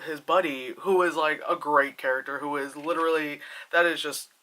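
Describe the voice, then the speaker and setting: A bright, forceful voice talking through a movie review off the cuff. The delivery rambles, full of "like" and "you know", with plenty of swearing and animated retellings of scenes. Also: medium pitch, moderate pace. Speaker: film reviewer. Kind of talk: casual spoiler movie review.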